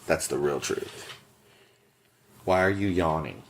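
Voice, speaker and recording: A man's voice: extremely low pitch, slow, a little hiss or hum. A man co-hosting a podcast in casual chat, emphatic and teasing. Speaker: podcast co-host.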